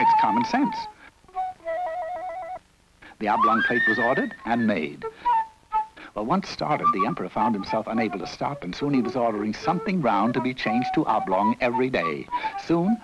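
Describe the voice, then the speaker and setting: A man narrating a children's storybook with a lively, playful telling. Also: medium pitch, highs cut off.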